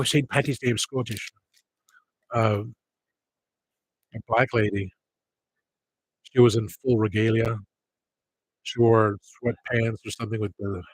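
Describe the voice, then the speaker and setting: A man's voice: mid-range voice, no room sound, low-quality recording. A man chatting casually on a livestream, rambling from one thing to the next and grumbling about people.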